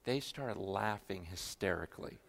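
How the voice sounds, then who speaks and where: A man's voice: sits low, moderate pace, creaky. A middle-aged man from the United States preaching a sermon, telling a story with lots of repeated words and acted-out quotes. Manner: animated, acts out quoted voices, repeats words.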